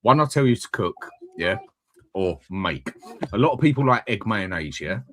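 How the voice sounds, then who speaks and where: A man with a very deep voice talks in a loose, rambling way. He swears freely and jokes as he hosts a casual live chat. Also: animated, normal speed, fairly bright tone, a little hiss or hum. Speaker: channel host.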